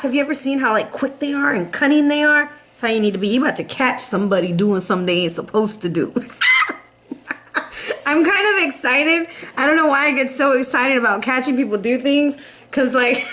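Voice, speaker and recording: A young adult woman giving a casual tarot reading in an animated, sassy, playful way, laughing often. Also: high-pitched, moderate pace. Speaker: tarot reader.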